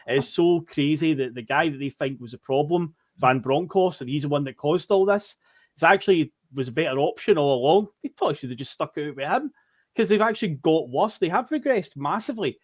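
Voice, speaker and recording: A man's voice: a little high, animated, fairly quick. A Scottish man co-hosting a podcast, chatting casually and mockingly about football. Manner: chatty, mocking, acts out quotes. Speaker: podcast co-host.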